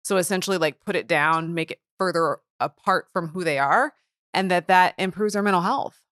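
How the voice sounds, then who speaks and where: A woman with a lowish voice talks casually as a guest, chatty and full of fillers. Her voice sounds dry and close to the mic, with no room echo. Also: normal speed, fairly bright tone. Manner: chatty, with frequent "like" fillers and restarts. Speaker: guest author and researcher. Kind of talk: casual conversation.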